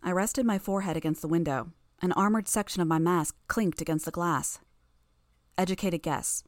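A woman with a lowish voice reads first-person fiction aloud. Her delivery is even and steady. The recording is dry and close to the mic. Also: a little fast, dry recording. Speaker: audiobook narrator.

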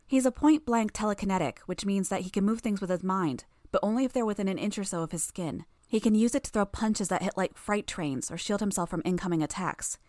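A woman voicing a sharp-tongued, smug teenage girl villain who rattles off quick explanations in a storybook reading. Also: mid-range voice, dry recording, studio quality, natural voice. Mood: knowing, urgent.

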